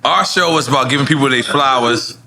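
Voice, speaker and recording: A man's voice: mid-range voice, a little fast, creaky, noisy background. Boisterous New York man hosting. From New York City. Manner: boisterous, profane, laughs often. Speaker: podcast host. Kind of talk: loose casual chat over drinks.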